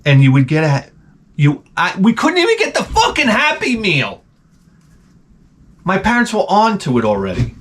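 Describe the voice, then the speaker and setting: A man's voice: high-pitched, moderate pace, pauses often, slightly rough. A middle-aged man, hosting a rambling, profane comedic monologue. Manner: rambling, profane, animated ranting. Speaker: host.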